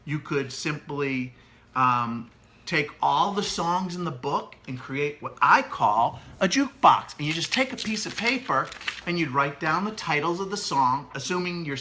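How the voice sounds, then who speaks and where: A middle-aged man co-hosting a casual parenting chat, animated and demonstrative as he explains. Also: on the high side, a little slow, a little hiss or hum. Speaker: co-host, parent.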